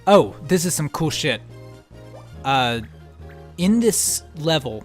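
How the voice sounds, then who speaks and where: A man's voice: a little high, big pitch swings, slow pace. Laid-back swearing man over game music. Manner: laid-back, swears freely, laughs often. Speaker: let's play co-host. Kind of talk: casual gameplay chat.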